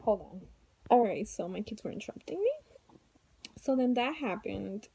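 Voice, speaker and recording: A woman's voice: medium pitch, expressive, normal speed, vocal fry, warm tone, a little hiss or hum. A young woman vlogging at home, chattily retelling a story with lots of "like" and "blah, blah". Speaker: mom vlogger. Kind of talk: casual storytime vlog. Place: at home with her kids nearby.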